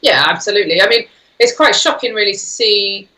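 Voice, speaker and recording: Female guest with a bright, tense edge, insistent and fluent, mid-pitched. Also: a little fast, low-quality recording. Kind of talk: talk show conversation.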